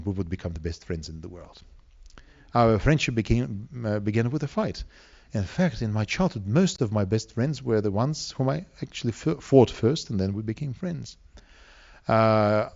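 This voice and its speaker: A man's voice: lowish voice, darkish tone. Earnest male preacher, dull lo-fi sound. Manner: earnest, asks the congregation questions. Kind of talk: sermon.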